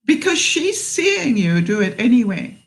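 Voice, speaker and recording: Woman vlogger, frank advice, quick laughs, acts out lines. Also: a little high, sing-song, low-quality recording. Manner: frank, laughs often, acts out what she would say. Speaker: vlogger answering viewer questions. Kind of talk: casual advice talk.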